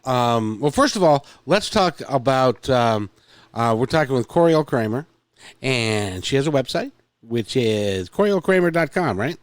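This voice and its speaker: A man's voice: medium pitch, animated, measured pace, no room sound. A man hosting an interview in a casual, joking way, rambling with plenty of ums and restarts. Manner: joking, rambling with many fillers. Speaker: host.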